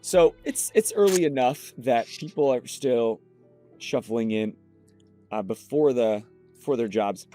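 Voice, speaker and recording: A man running a tabletop game as game master, narrating scenes with unhurried description. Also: mid-range voice, mellow, soft background music.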